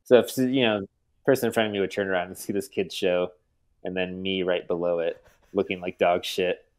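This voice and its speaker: Man, podcast guest, low pitch, casual storytelling, self-mocking, laughs often. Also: fairly even intonation, a little fast.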